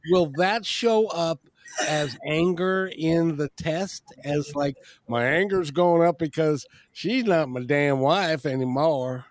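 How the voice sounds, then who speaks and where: A man's voice: on the high side, slow, no echo. A man co-hosting an interview, asking questions in a joking, self-deprecating way. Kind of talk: casual interview chat.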